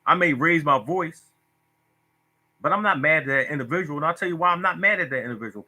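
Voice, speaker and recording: Man, livestream host on a phone, keeps repeating himself with feeling, slightly high and very bright voice. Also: lively intonation, quick pace. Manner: preachy, repetitive, emotional. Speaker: lottery tips host. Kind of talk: casual Facebook live talk.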